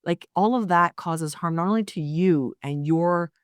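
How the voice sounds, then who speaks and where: A woman's voice: lowish voice, measured pace, dry recording, clean studio sound. A middle-aged woman co-hosting a podcast, speaking in an emphatic, motivating way and stacking up repeated phrases. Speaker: podcast co-host, artist. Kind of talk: casual podcast chat.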